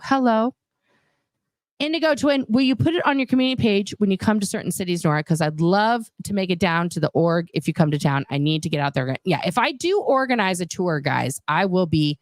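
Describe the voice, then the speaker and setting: A woman's voice: mid-range voice, dry recording. A woman in her forties hosting a casual livestream, chatting and reading viewer comments aloud, swearing now and then. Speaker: host.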